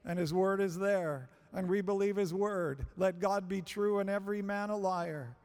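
A male preacher delivering a sermon, slow and emphatic, repeating phrases for stress. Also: sits high, a little mellow, clear, resonant tone. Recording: long hall reverb.

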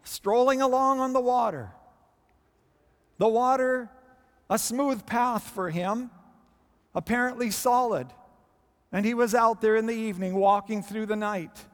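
Male preacher, high voice, dramatic pauses, long reverb of a big hall. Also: clean tone. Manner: expressive preaching with dramatic pauses and quoted dialogue. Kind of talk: sermon.

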